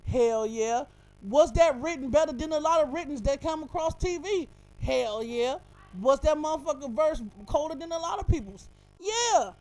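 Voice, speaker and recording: A woman's voice: high-pitched, a little mellow. A woman hosting a radio show, breaking down a rap verse in emphatic, profane casual commentary full of rhetorical questions.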